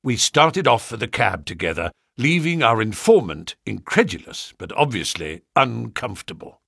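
A man narrating a classic detective novel in an expressive storytelling style. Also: mid-range voice, normal speed, vocal fry, slightly rough, no echo, clean studio sound. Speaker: audiobook narrator. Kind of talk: audiobook narration.

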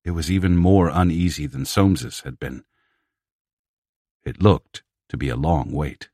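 A man reading a science fiction story aloud as narrator, in a measured storytelling manner. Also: a bass voice, dark tone, no echo, clean studio sound. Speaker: audiobook narrator. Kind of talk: scripted narration.

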